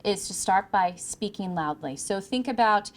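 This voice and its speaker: A woman's voice: mid-range voice, expressive, moderate pace. A woman from California giving a projected, emphatic talk to an audience of interns on a microphone in an event room. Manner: projected, emphatic coaching delivery. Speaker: speaker. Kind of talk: presentation to interns. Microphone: handheld or podium microphone.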